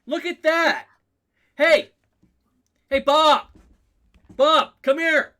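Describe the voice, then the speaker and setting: A man's voice: a little high, big pitch swings, measured pace, bright, forceful tone, full character voice. A man voicing a condescending male starship science officer in a tabletop game, mocking and calling out to a coworker. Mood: sneering.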